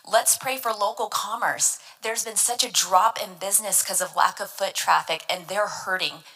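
Earnest woman teaching scripture, bright tone. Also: medium pitch, normal speed, husky, poor audio. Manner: earnest, emphatic, explains scripture word by word. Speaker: devotional teacher. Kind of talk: devotional Bible teaching.

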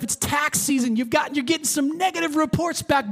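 A male pastor preaching an emphatic sermon in a church, with frequent repetition and swings between loud and soft. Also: very high-pitched, a little fast, gravelly, few pauses, soft background music. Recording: long hall reverb.

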